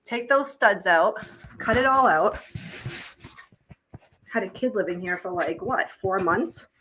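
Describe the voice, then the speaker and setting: A woman's voice: mid-range voice, lively intonation, a little slow, pushed and bright, a little hiss or hum, poor audio. A woman on a casual live stream at home, blunt and sweary, chatting with her viewers and her dogs, a little out of breath. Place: home, indoors.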